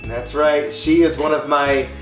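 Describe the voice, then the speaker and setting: A man's voice: a little high, steady tone, a little slow. A man hosting a casual reaction video as a hypnotist, upbeat and explaining as he goes, laughing often. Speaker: hypnotist host. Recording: echoey room with music underneath.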